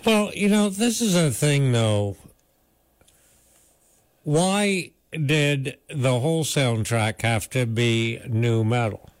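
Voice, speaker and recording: A man co-hosting a podcast, talking in a dry, measured way and dropping in wisecracks. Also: medium pitch, lively intonation, clean tone. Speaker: podcast co-host. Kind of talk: casual chat.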